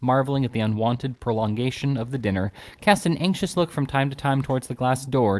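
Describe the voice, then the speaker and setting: A man reading a classic novel aloud in an expressive storytelling manner. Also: medium pitch. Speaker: audiobook reader.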